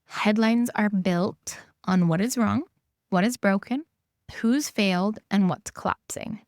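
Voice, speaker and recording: A woman's voice: mid-range voice, a little slow, darkish tone, no echo, clean studio sound. A woman hosting a solo podcast as an intimacy coach, talking earnestly and repeating her key points for emphasis.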